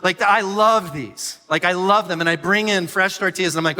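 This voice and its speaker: A male pastor delivers a sermon with a bright, sharp voice that sits a little high. He tells stories animatedly, jumping from loud bursts to hushed asides. The sound carries a long hall reverb from a live church room. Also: brisk.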